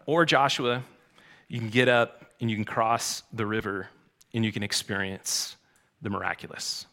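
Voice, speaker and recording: Bright-voiced male preacher. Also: fairly low pitch, fairly even intonation, moderate pace. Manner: conversational preaching, quiet asides building to loud exhortations. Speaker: pastor. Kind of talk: sermon.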